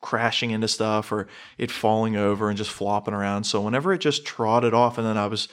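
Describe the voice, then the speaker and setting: A man as a podcast guest, expressive and self-mocking, laughing while recounting his hunt. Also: on the low side, a little fast. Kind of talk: casual chat.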